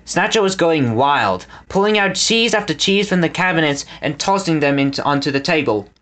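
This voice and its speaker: Lively male audiobook narrator. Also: fairly high pitch, normal speed. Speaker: audiobook reader. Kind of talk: storybook narration.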